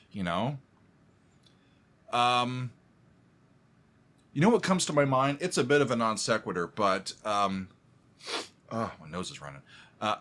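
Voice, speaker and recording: A man who is a composer, giving music reaction commentary, excitable and humming along as he talks to viewers like friends. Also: medium pitch.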